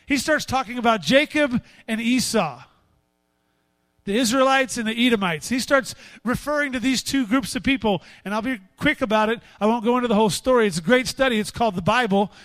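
A man preaching with a strikingly high, bright voice, animated and quick to act out quotes in other voices. The sound is close and dry with no room echo. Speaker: pastor. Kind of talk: sermon.

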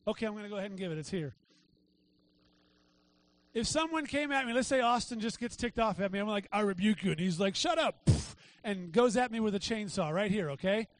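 High-voiced conversational male preacher. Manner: conversational preaching with frequent "right?" asides. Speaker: pastor. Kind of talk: sermon. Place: church sanctuary.

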